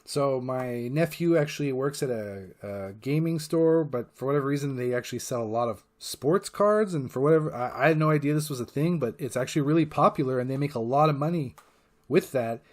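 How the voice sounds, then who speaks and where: Speaking a little fast in a slightly mellow mid-range voice, this adult parent runs his own channel with a loose, rambling monologue. He curses freely and often stumbles into fillers and restarts.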